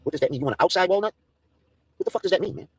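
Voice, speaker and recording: A man's voice: high voice, lively intonation, racing, darkish tone, slightly rough, no echo. A man in a profane, taunting livestream rant, mocking and daring his targets.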